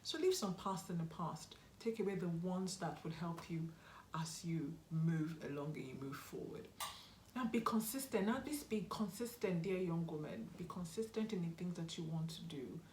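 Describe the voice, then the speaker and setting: A young adult woman from Nigeria, hosting a motivational YouTube vlog, offers earnest encouragement and goes back over her key points. She speaks at normal speed in a fairly low, darkish voice; the audio has a roomy echo and a little hiss or hum.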